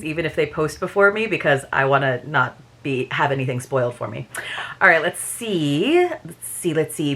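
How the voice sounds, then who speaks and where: A woman's voice: on the low side, a bit bright. A woman chatting in a casual, enthusiastic way as she unboxes a book subscription and reviews it.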